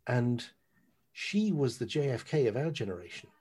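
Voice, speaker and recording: A middle-aged man chatting as a podcast guest, telling lively anecdotes and swearing freely. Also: medium pitch, moderate pace, husky. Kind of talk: casual chat.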